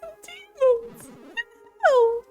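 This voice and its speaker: A woman doing a timid high-voiced boy ghost. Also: slow, mellow, muffled recording, faint music behind. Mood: nervous. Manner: nervous, hesitant. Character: timid, anxious young male ghost.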